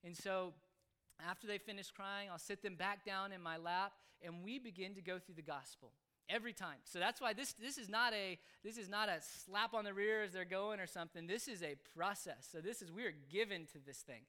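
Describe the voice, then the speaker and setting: A man explaining how he raises his children, speaking earnestly in halting phrases. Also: high-pitched, bright, forceful tone, clear, resonant tone. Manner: earnest, halting, with frequent restarts. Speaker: father explaining his parenting. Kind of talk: casual spoken explanation.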